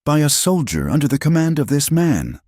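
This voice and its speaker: A man's voice: fairly high pitch, moderate pace, no room sound, clean studio sound, voice pushed up. A man voicing a determined, wounded frontier schoolteacher who speaks steadily and coldly in an audiobook western. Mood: steady, accusing. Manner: steady and cold, accusing.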